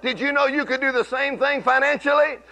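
A middle-aged man preaching a sermon, telling folksy stories and swinging from low murmurs to loud exclamations. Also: fairly even intonation, a little fast, lo-fi sound. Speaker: pastor.

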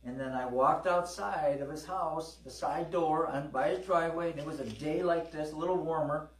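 A man's voice: fairly high pitch, normal speed. A middle-aged man delivers a sermon in a slightly raised voice. He speaks conversationally, telling stories and calling out to his congregation. The sound is echoey and distant, as if picked up from across a church hall. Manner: conversational storytelling, with calls to the congregation. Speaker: preacher. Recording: echoey hall, preacher away from the mic.

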